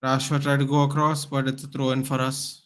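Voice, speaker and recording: A man's voice: medium pitch, little pitch movement, fairly quick, clean tone. A man hosting a live football watchalong, calling the play as a partisan fan and chatting with viewers. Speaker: watchalong host.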